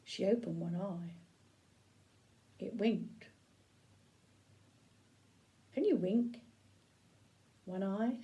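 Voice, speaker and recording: A woman's voice: fairly high pitch, slow, long pauses, warm tone, low-quality recording. An older woman reading a picture book aloud to children, asking them questions and pointing at the pictures. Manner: interactive, asks listeners questions and points at pictures. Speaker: storyteller grandmother.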